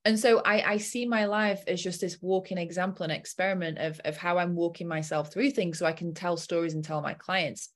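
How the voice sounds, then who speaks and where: Animated woman coach telling a story. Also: fairly low pitch, a little fast, hardly any pauses. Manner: animated, acts out her own inner voice. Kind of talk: casual storytelling chat.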